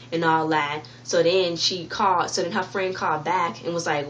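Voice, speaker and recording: A woman's voice: fairly low pitch, fairly even intonation, moderate pace, hardly any pauses, fairly bright tone, muffled recording, slight background noise. A woman vlogger casually retelling a TV episode's plot to her viewers, rambling, repeating herself and restarting sentences. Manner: talks directly to viewers. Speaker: TV review vlogger. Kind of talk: casual spoken episode recap.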